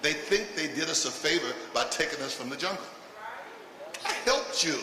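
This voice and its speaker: Talking fast in a fairly high voice, a man performs stand-up for a live crowd, landing punchy jabs and laughing at his own jokes. He's recorded from a distance in an echoey hall with audience noise.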